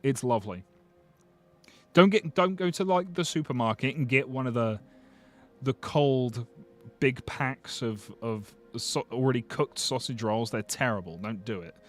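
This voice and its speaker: On a livestream, a British man with a mid-range voice chats casually and cracks jokes while reading out viewer comments, cursing freely and starting sentences over. He keeps a measured pace, with soft music playing in the background.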